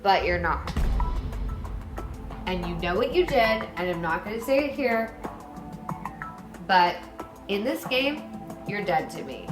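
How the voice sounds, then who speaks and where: A woman voicing a solemn, scheming man in a tipsy comic retelling, speaking in a grave, deliberate way. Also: mid-range voice, lively intonation, reverberant, over music, natural voice.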